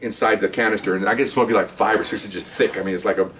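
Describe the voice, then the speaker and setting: An older man recounts an old police call in a loose, rambling way, now and then acting out the yelling. He talks quickly and sits a little back from the mic, so the voice sounds slightly distant. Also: on the low side, a little hiss or hum. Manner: rambling, animated, acts out shouted commands. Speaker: retired police officer telling stories. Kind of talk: casual storytelling.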